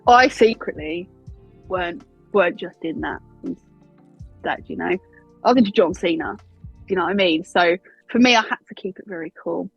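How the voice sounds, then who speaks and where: A woman's voice: fairly low pitch, normal speed, vocal fry, pauses often, breathy edge, no echo, lo-fi sound, faint music behind. A woman in her twenties with an Essex accent, answering interview questions in a chatty, candid way and laughing easily. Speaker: wrestling announcer and interviewer.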